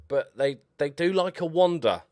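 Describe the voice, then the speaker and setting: A man commentating over his own football management game, excitable and swearing at his players. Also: a little high, moderate pace, no echo, studio quality. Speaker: gaming YouTuber. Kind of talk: Let's Play commentary.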